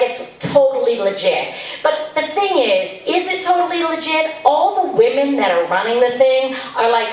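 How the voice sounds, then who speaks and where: A woman's voice: a little high, heavy reverb, recorded from a distance, rough recording. A woman telling a comic story to an audience, chatty and exasperated, slipping into voices for the people she describes. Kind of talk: live storytelling set.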